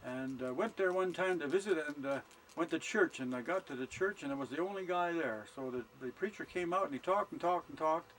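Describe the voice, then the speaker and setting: A man's voice: a little high, fairly bright tone, a little hiss or hum, rough recording. Older man telling folksy jokes. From Canada. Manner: rambling, unhurried delivery with frequent uh fillers. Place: outdoor campsite in summer. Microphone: camcorder held by his wife.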